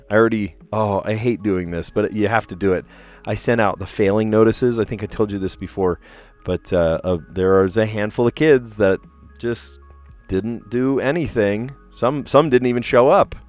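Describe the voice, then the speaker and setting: A man in his thirties, a teacher, chatting casually on his puzzle livestream, relaxed and chatty with lots of fillers and easy laughs. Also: on the low side, moderate pace, faint music behind.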